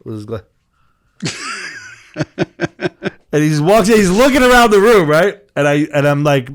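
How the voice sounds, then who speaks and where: Profane, animated storytelling man. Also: high-pitched, a little slow. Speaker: podcast co-host. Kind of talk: casual storytelling chat.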